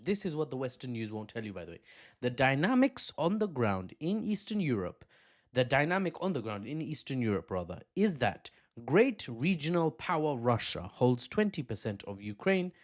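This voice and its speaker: Animated male political commentary host. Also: mid-range voice. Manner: animated, self-mocking asides, frequent restarts. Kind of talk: opinionated geopolitical commentary.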